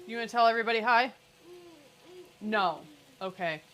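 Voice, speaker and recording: A woman's voice: on the high side, moderate pace, a bit bright, a little hiss or hum, low-quality recording. A woman hosting a cooking livestream from her home kitchen, chatting casually and cracking sarcastic jokes. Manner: chatty, joking, sarcastic asides. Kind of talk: casual live cooking chat.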